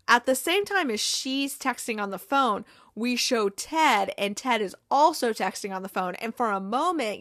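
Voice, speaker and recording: A woman giving a casual, animated recap of a TV episode, swearing freely and acting out the characters' lines. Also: fairly high pitch, moderate pace, hardly any pauses, dry recording, clean studio sound.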